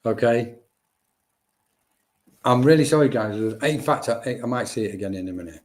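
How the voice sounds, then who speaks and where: A man's voice: medium pitch, animated, normal speed. A man working as a medium, giving chatty, reassuring live-stream readings and talking to viewers by name.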